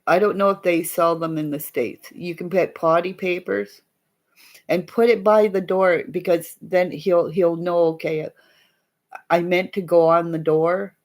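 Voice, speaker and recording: A woman's voice: lowish voice, fairly even intonation, measured pace. A middle-aged woman, chatting casually and rambling as she hosts a live stream for viewers, laughing often along the way. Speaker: livestream host.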